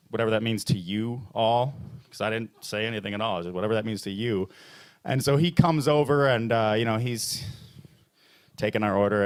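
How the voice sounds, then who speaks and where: A man hosting a bar comedy open mic, rambling through a stand-up bit with lots of fillers and restarts, jumping into mock voices for the punchlines. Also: clean tone. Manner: jumps into high mock voices and low pompous voices for bits.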